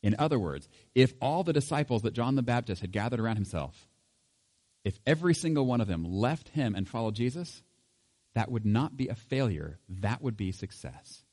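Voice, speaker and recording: A man's voice: medium pitch, lively intonation, moderate pace, a little mellow. A middle-aged man giving an informal Bible teaching in a conversational way, with chuckles and fillers.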